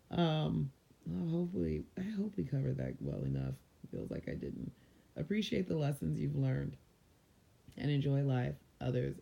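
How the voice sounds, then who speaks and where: A man's voice: medium pitch, vocal fry, warm tone, husky, lo-fi sound. A man from San Diego giving casual motivational advice to viewers in a loose, conversational way. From San Diego, California. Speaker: mindfulness vlogger.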